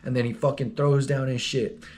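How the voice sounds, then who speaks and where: Young man, casual storytime, slang-heavy, swearing, middle pitch. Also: little pitch movement, normal speed, darkish tone, slight background noise. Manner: slangy, profane, rambling, laid-back. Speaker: vlogger.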